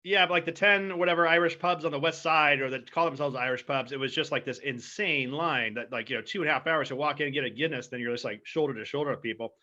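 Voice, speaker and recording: A man's voice: a little high, fast talker, few pauses, pushed and bright, dull audio. A man co-hosting a casual podcast, laid-back and rambling, swearing freely. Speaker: podcast co-host. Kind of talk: casual chat.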